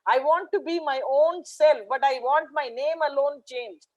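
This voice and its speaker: A woman's voice: measured pace, highs cut off. A woman voicing a timid, eager young schoolboy in a story for teachers, pleading in a raised voice. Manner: pleading, high and excited.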